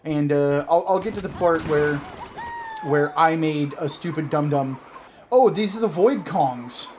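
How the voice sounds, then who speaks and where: A man's voice: a little high, unhurried, music in the background. Chatty self-mocking man in his thirties. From Canada. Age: 30s. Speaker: gaming video host. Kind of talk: casual gameplay commentary with storytelling.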